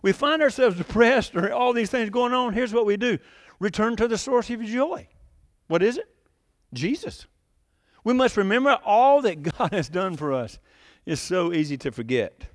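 High-voiced preacher talking it through. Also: male voice, expressive, moderate pace, no room sound, studio quality. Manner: conversational, laughs often, asks the congregation questions. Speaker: pastor. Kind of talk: sermon.

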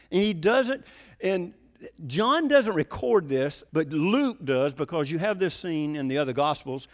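A man preaching a sermon to a congregation, animated, leaping up in pitch when he voices the people he quotes. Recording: long reverb of a large hall.

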